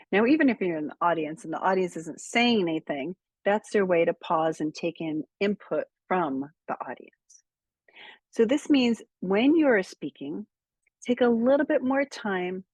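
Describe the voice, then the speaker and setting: A woman coaches viewers on speaking, her low voice husky and slightly breathy. She talks in a measured, emphatic way, leaning on key words and pausing on purpose. The sound is close and dry. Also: a little mellow, dry recording. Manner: measured, emphatic, deliberate pauses. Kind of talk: direct-to-camera speaking tips.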